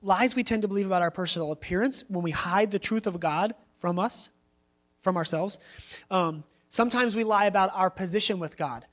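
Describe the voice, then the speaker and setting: A man's voice: high-pitched, a little fast. A man in his thirties preaching a sermon in a conversational way, telling personal stories with frequent asides. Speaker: pastor.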